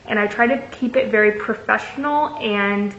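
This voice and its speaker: A young woman with a mid-range, fairly bright voice talks at a moderate pace, casually recounting a story for her vlog and reading messages aloud. Her speech is chatty, full of swearing, likes, and ums. It was recorded in an echoey room and sounds slightly muffled.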